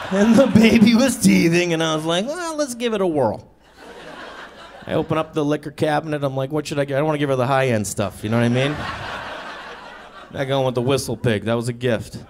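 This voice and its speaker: Male stand-up comic, thirties, slightly high voice, lively storyteller, faint noise behind. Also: brisk, gravelly, long pauses. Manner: animated storytelling with sudden high-pitched acted quotes. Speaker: stand-up comedian. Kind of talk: stand-up comedy set. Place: comedy stage before a live audience.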